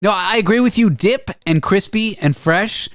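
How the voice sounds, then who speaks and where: A man's voice: high-pitched, moderate pace, fairly bright tone, no echo, studio quality. A Canadian man hosting a radio show, chatting casually and explaining at length with small hesitations. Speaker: radio host.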